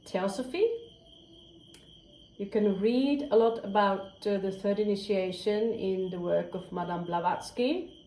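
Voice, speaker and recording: A woman reads tarot and astrology in an unhurried, drawn-out way, wandering between ideas and pausing often. Her voice rings in an echoey room while music plays clearly underneath. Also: medium pitch, warm tone. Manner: meandering, spiritual, frequent hesitations. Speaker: tarot reader. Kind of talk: astrology and tarot reading monologue.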